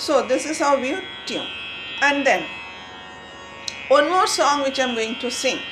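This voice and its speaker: A woman's voice: high voice, expressive, moderate pace, over music, low-quality recording. A woman, a Carnatic vocalist, explaining how she tunes lyrics and breaking into sung phrases to show it. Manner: explains, then sings phrases to demonstrate. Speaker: Carnatic vocalist and music teacher. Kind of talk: online music lesson with sung examples.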